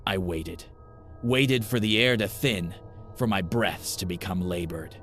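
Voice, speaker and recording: A man narrating a first-person horror story in a grim, measured way. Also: deep voice, fairly bright tone, soft background music.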